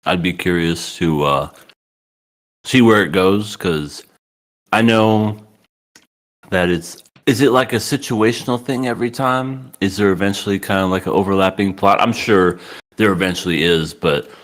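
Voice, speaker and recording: A man co-hosting a podcast in casual chat, laughing often and acting out characters in high squeaky voices. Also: moderate pace. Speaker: podcast co-host.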